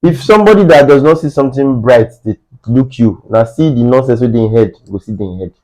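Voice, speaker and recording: A man's voice: medium pitch, lively intonation, fast talker, mellow, rough recording. A man with a Nigerian accent talking emphatically in a casual podcast chat, often slipping into Pidgin.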